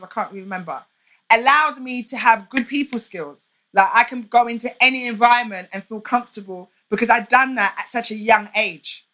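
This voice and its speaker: A bright, fairly high-voiced young woman speaks as a podcast guest. She talks in an open, heartfelt and emphatic way. She gives candid answers in conversation. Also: a little fast.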